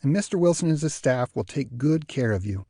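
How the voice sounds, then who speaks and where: A man's voice: medium pitch, animated, mellow, slightly rough, dry recording, clean studio sound. A man voicing a weary but patient adult daughter, speaking firmly and reassuringly. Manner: firm, reassuring, slow.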